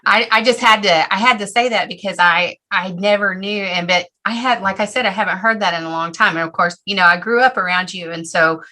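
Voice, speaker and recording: A woman's voice: medium pitch, fairly quick, few pauses, sharp tone, low-quality recording. A woman in an online class asking her teacher a question, speaking reflectively and with some hesitation. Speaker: student. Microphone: video call.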